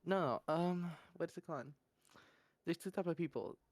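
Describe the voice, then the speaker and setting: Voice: medium pitch, moderate pace, darkish tone, no room sound. A podcast host telling a story in casual chat, rambling, laughing often, filling gaps with "da, da, da" and blunt slang.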